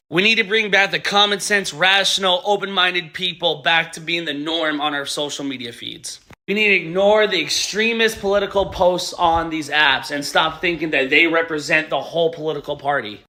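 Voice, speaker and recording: High, bright-voiced earnest man. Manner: earnest, measured, appealing for common ground. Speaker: commentator. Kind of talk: opinion monologue to camera.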